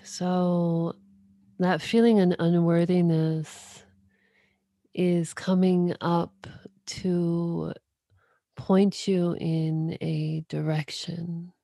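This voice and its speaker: A woman guest on a podcast, giving reflective spiritual talk in a slow, measured, soothing manner. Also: on the low side, flat delivery, creaky, mellow, dry recording, studio quality.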